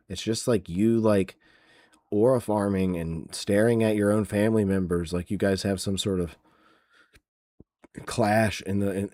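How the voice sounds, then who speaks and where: A man's voice: on the low side, a little mellow, no echo, studio quality. A man hosting a wrestling podcast, ranting sarcastically in casual chat with many fillers. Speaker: podcast host.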